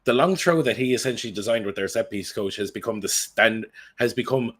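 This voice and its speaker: A man co-hosting a football podcast, talking in an animated, rambling way and swearing freely. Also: fairly low pitch, fairly quick, slightly rough. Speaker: podcast co-host. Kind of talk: casual football chat.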